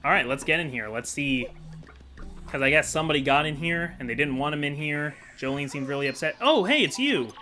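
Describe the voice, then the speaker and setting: A man's voice: on the high side, fairly even intonation, fairly quick, bright, forceful tone, slight background noise. A man giving rambling, casual commentary while playing a video game, chatty and self-deprecating. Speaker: video game let's-play host.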